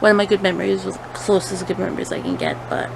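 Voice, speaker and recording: A woman's voice: mid-range voice, wildly swooping pitch, fast, poor audio. A young woman talking casually and rambling through a storytime vlog, with lots of fillers and self-corrections. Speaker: vlogger. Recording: clear background noise.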